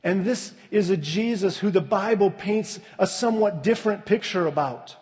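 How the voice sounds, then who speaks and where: A man preaching a sermon as pastor, in a measured way with soft, hushed dips. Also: sits high. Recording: reverberant hall.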